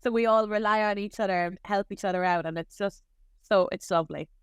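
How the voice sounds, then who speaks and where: A woman's voice: mid-range voice, brisk, clean tone, no room sound, studio quality. A young adult Irish woman, a nurse, chatting casually in an interview with lots of filler words. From Ireland. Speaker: nurse guest.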